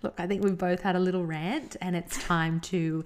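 A woman co-hosting a podcast, chatting casually and telling an animated story with frequent laughs. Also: on the low side, moderate pace, noisy background. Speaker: podcast co-host. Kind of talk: casual chat.

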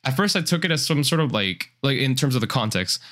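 A man's voice: medium pitch, sing-song, quick pace, pushed and bright. A man hosting a casual music review podcast, talking loosely with fillers and casual swearing. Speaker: podcast host.

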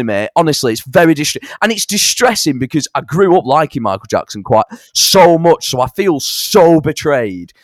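A man's voice: medium pitch, normal speed, hardly any pauses, no echo. Chatty young man, dry close sound. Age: young adult. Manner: animated storyteller, swears, fond of impressions. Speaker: songwriter and musician. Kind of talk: casual interview chat.

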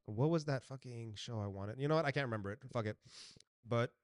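A man co-hosting a casual podcast, with a voice of ordinary pitch. He talks bluntly and swears freely, jumping between loud bursts and mumbled asides. The sound is dry and close. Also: brisk, no echo. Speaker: podcast co-host. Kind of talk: casual chat.

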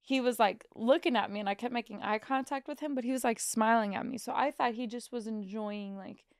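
Young woman co-host from Missouri, chatty storyteller with a raspy fry, dry studio sound. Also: a little high, fairly quick, no echo. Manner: chatty storyteller, acts out quotes, swears freely. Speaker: podcast co-host. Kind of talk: casual chat.

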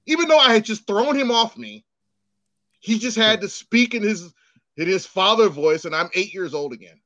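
A man in his thirties co-hosting a casual chat, an animated storyteller who swears and acts out quotes. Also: sits high, moderate pace, no echo, muffled recording.

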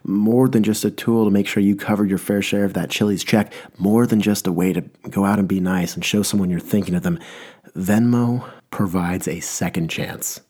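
In this comedic rant, a young man with a low, husky, mellow voice keeps a fairly even intonation and a moderate pace. He rambles, cutting himself off mid-sentence to start his thoughts over, all in a mock-earnest, playful tone.

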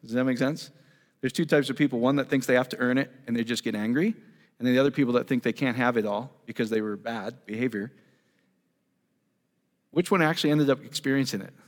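A man's voice: medium pitch, fast. A man preaching a teaching sermon in a church hall, enthusiastic and conversational, firing off rhetorical questions to the congregation. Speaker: pastor. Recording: long reverb of a large hall.

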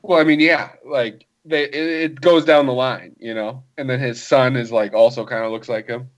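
A man's voice: medium pitch, steady tone, moderate pace. A man in casual chat, laid-back and slangy, trading opinions on movies.

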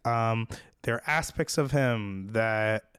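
Smooth-voiced man explaining on a podcast. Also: on the low side, slow. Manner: explanatory, steady, hedges with ums. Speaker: podcast co-host. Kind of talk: casual chat.

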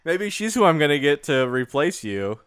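Very animated and on the high side, this man speaks at normal speed with a fairly bright, clean tone. Co-hosting a podcast, he chats casually, joking and laughing a lot, in a dry studio-clean recording.

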